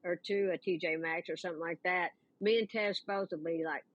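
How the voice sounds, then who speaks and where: A woman's voice: lowish voice, fairly even intonation, a little fast, no room sound, lo-fi sound. A woman co-hosting a chat podcast, speaking earnestly and carefully qualifying what she says. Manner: earnest, explains and qualifies her points. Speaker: podcast co-host. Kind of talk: casual chat.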